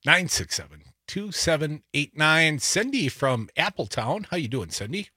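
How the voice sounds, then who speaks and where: A man co-hosts a talk radio show with sarcasm and rambling emphasis. His voice is bright and husky and swings up and down in pitch. It sits close and dry on a studio mic with faint music underneath. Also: very animated, moderate pace, no room sound. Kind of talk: opinionated talk radio banter. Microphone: studio microphone.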